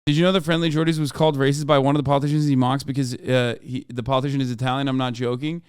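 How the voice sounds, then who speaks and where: A man in his thirties hosting a live-stream, reacting to news clips in a loose, profane, excitable way with laughing asides. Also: mid-range voice, rapid-fire, clear, resonant tone, no room sound, studio quality.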